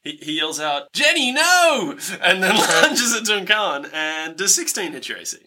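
A man's voice: on the high side, expressive, normal speed, pushed and bright. A man narrating as game master of a tabletop game, laughing often as he describes the action.

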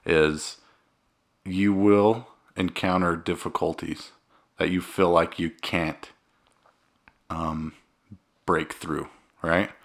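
A deep-voiced man in his thirties, from Utah, co-hosting a casual podcast. He talks earnestly and with feeling, rambling and restarting as he goes. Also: steady tone, slow pace, long pauses. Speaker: podcast co-host.

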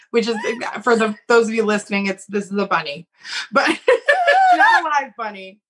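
Bright husky young woman telling stories. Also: fairly high pitch, normal speed. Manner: animated, acts out quotes, laughs often. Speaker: podcast co-host. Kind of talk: casual storytelling chat.

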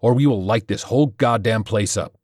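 A man voicing an angry male squad leader who talks in clipped, forceful bursts and curses. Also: sits low, normal speed, dry recording, clean studio sound. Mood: yelling.

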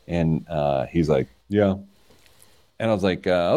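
A man hosting a podcast, chatting casually and telling playful, rambling stories. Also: moderate pace. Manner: playful, rambling storyteller with lively pitch swings. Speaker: podcast host. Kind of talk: casual chat.

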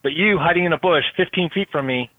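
Police dog handler over a tinny line. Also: male voice, fairly high pitch, quick pace, no room sound. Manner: steady, detailed explaining with fillers. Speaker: SWAT canine handler. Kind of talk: casual podcast chat. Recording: tinny phone-like line, dry.

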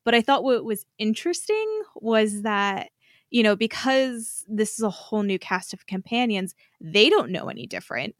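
Animated and medium-pitched, this woman talks at a normal speed while co-hosting a casual fan chat podcast, eager and quick to laugh. The recording is studio quality without any room sound.

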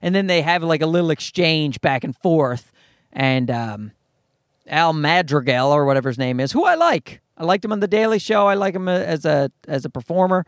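A man's voice: on the high side, very animated, moderate pace, no echo, studio quality. A man ranting as a podcast host, profane, sarcastic and exasperated as he picks something apart. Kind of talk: ranting commentary.

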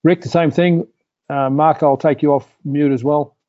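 A man's voice: fairly high pitch, fairly even intonation, moderate pace, mellow, no room sound, highs cut off. A man hosting a webinar, talking in a rambling way with many "uh" and "um" fillers. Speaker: host. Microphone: video call.

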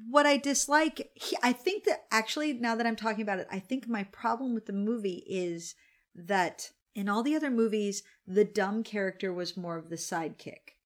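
A woman's voice: medium pitch, normal speed. A woman in her forties hosting a casual podcast chat over wine, candid and grumbling, swearing freely. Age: 40s. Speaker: podcast co-host.

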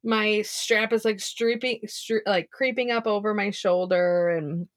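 A woman's voice: medium pitch, steady tone, a little slow, no echo, clean studio sound. A young woman co-hosting a podcast, giving a casual faith devotional talk in an earnest, chatty way full of "like". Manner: earnest, chatty, heavy filler "like".

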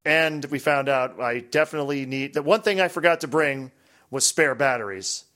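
A man hosting a podcast in a relaxed, rambling, casual chat. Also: mid-range voice, normal speed. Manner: relaxed, rambling, drifts off mic at times. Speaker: podcast host.

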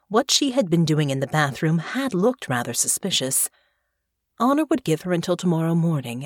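A woman narrating an audiobook in a measured, expressive way. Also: lowish voice, dry recording, clean studio sound. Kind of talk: scripted narration.

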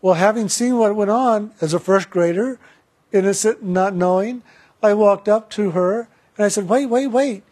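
A man giving a reflective spiritual talk and telling a personal story, speaking slowly and deliberately with pauses. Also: high voice, steady tone, a little mellow. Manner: slow, measured, deliberate pauses.

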